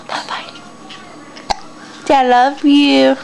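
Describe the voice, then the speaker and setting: A woman's voice: high-pitched, extremely slow, long pauses, background noise. A mother filming her baby at home, coaxing her in sing-song baby talk.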